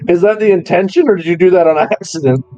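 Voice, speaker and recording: A man's voice: high voice, fast, dark tone, muffled recording, soft background music. Laughing man running a tabletop game. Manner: laughs often while narrating. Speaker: game master.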